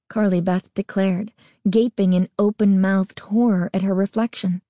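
A woman narrating a children's horror novel in a measured, deliberate reading. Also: medium pitch, steady tone, warm tone, no echo, clean studio sound. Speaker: audiobook narrator. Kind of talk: scripted narration.

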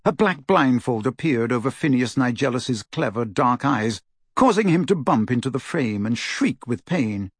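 Expressive storytelling marks this husky male audiobook narrator. He speaks at medium pitch and a moderate pace, captured in studio quality with no echo.

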